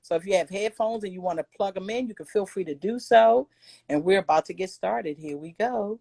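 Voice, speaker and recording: A woman's voice: medium pitch, fairly quick, creaky, darkish tone. A female middle school teacher guiding her class, encouraging and giving instructions. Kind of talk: classroom lesson.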